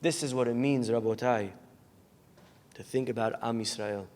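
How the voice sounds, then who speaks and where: A man's voice: medium pitch, moderate pace. A man, a rabbi, giving a sermon full of storytelling, acting out the people in his stories and raising his voice in bursts. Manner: animated storyteller acting out characters, shouting in bursts. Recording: long hall reverb.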